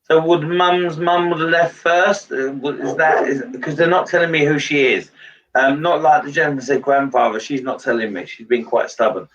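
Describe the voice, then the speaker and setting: A fairly high-voiced man gives a live spirit reading, and he pauses often and fills the gaps as he goes. He sits back from the mic, and the sound is dull and lo-fi. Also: steady tone, fairly bright tone, recorded from a distance. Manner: halting, relays messages with many pauses and fillers. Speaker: medium giving a reading.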